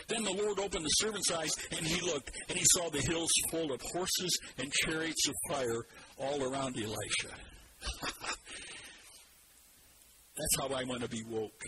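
A man preaching a sermon, animated and drawing the congregation in to repeat verses after him. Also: fairly high pitch, moderate pace. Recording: loud background noise.

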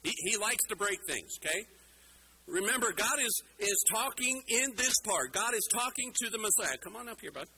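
A pastor with a high voice gives a playful children's sermon in a church, complete with a hands-on demonstration. Animated and talking directly to the kids in the room, he teases a young helper, speaking at a moderate pace on a rough recording with a little hiss or hum.

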